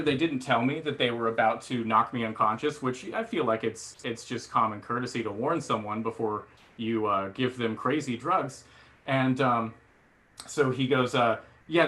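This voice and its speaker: A male stand-up comedian tells a long self-deprecating story, bright and forceful in tone. He rambles with plenty of fillers and restarts and acts out quotes of other people along the way. It is a live comedy performance on a theatre stage. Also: mid-range voice. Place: theatre stage before a laughing audience.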